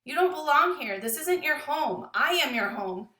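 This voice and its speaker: A woman's voice: sits high, animated, normal speed, pushed and bright, echoey room, voice pushed up. A woman doing a pleading young boy. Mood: coaxing. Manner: pleading, coaxing. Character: determined young boy, gentle with his dog.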